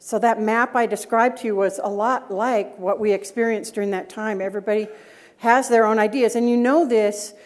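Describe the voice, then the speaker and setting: Middle-aged woman speaker, mid-pitched, tells anecdotes and checks in with the audience. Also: fairly even intonation, moderate pace. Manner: storytelling, asks the audience rhetorical questions. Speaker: conference speaker, data governance director. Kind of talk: conference talk with personal anecdotes. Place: conference breakout room.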